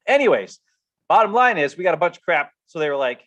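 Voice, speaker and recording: A middle-aged man telling a casual, animated story as a podcast co-host, acting out coworkers as he goes. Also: high-pitched, quick pace. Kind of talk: casual rant. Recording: dull lo-fi stream audio.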